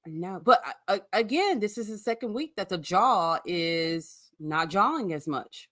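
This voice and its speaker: Brief: woman co-host, swooping, expressive voice, blunt and outspoken, dry close mic. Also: mid-range voice, unhurried, no echo. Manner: blunt and outspoken, laughs easily. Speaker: podcast guest co-host. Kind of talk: casual reality TV recap chat.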